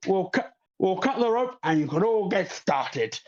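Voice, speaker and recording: A flamboyant festival host in a fancy suit, played by a man welcomes the crowd in a high, showy announcer voice that swings widely up and down. The sound is dull and lo-fi, like a cheap tabletop-game recording. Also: very animated, a little slow. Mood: grandiose.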